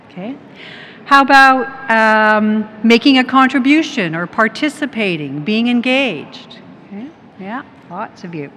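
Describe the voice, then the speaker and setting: The recording, made in a large conference hall with long reverb and faint background noise, features a middle-aged woman from Canada who leads a tech company. Her voice is a little high and fairly bright as she presents, asking the audience questions and telling anecdotes.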